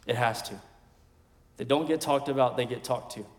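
A pastor in his thirties with a drawl preaches to his church. He moves from loud, punchy declarations to quiet, confiding asides, and his voice sits at an ordinary male pitch. The long reverb of a big sanctuary trails every phrase. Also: normal speed. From West Texas. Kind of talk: sermon.

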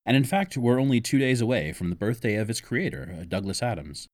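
A man's voice: mid-range voice, animated, brisk, no echo, clean studio sound. A man introducing a story reading as host, speaking as an enthusiastic fan. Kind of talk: scripted introduction.

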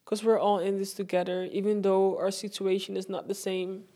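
A woman's voice: mid-range voice, level tone, moderate pace, warm tone. A woman hosting her own motivational podcast, recording herself and speaking in an earnest, heartfelt way, repeating phrases for emphasis. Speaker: podcast host. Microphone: self-recorded.

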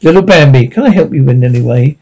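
A man's voice: medium pitch, lively intonation, fast, a little mellow, slightly rough. A man voicing a contemptuous older male stag with a limp, speaking in a scornful, mocking way. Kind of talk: audiobook character reading.

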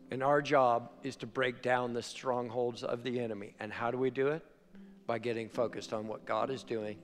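A male pastor preaching a sermon, telling a story with animated shifts between loud and quiet. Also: high voice. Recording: long hall reverb, faint music.

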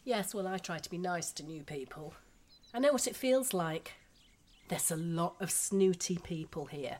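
A woman's voice: fairly low pitch, lively intonation, moderate pace, darkish tone. An actress in her thirties with a Yorkshire accent, playing a frank, gossipy expat housewife and mother in a radio drama. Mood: chatty. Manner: blunt, gossipy, down-to-earth.

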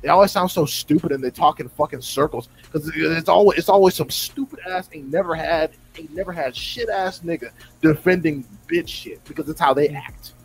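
A man's voice: a little high, a little fast, gravelly, few pauses, soft background music, rough recording. A man on a podcast, ranting in a profane, exasperated way and mocking fans in put-on voices. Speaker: podcast co-host. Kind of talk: heated casual podcast rant.

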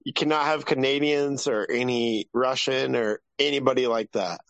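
A man's voice: medium pitch, steady tone, moderate pace, gravelly, fairly bright tone, no echo. A man co-hosting a podcast, easygoing and a bit hesitant, joking about sports. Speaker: podcast co-host. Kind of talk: casual sports chat.

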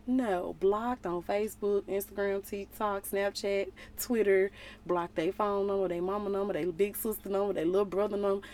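A young woman leading a casual Bible study, reading scripture aloud and retelling it in playful, slangy, animated asides. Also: medium pitch, moderate pace. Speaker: relationship vlogger.

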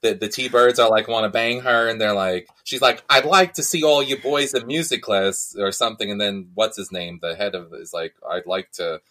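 A man's voice: on the low side, normal speed, hardly any pauses, pushed and bright. A man co-hosting a podcast, chatting casually and enthusiastically, rambling and quoting characters. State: voice not warmed up. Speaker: podcast co-host. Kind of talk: casual chat.

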